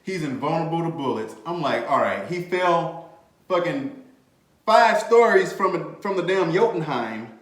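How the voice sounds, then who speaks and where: Animated slangy man in an echoey room. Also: fairly high pitch, measured pace. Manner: animated, laughing, swears freely, slangy. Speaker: podcast host. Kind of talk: casual movie review chat. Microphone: desk mic, bumped at times.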